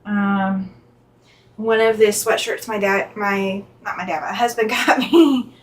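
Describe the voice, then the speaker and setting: Chatty woman quilting on a slow stream. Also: medium pitch, fairly even intonation, poor audio. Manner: chatty, reads viewer comments aloud, thinks aloud while working. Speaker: quilting channel host. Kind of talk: casual live-stream chat while quilting.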